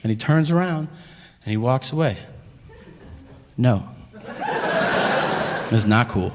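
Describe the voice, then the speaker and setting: A man telling a stand-up story on stage, animated and profane, acting out other people with grunts and flat voices. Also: medium pitch, takes it slowly, heavy background noise. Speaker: stand-up comedian. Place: comedy stage before a live audience. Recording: stage mic in a hall with faint ambience.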